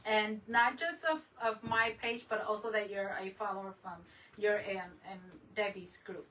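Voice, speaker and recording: A woman's voice: medium pitch, steady tone, normal speed, a bit bright. A woman hosting a craft livestream, chatting casually with viewers, laughing often and greeting them in Spanish. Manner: laughs often, trails off mid-sentence. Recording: voice a bit distant, faint room noise.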